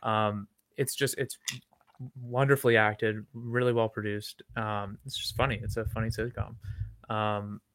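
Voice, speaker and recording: A soft-spoken man from Toronto, co-hosting a stream in casual chat. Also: lowish voice, little pitch movement, measured pace, dry recording. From Toronto, Canada. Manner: soft-spoken, talks quietly. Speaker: stream co-host.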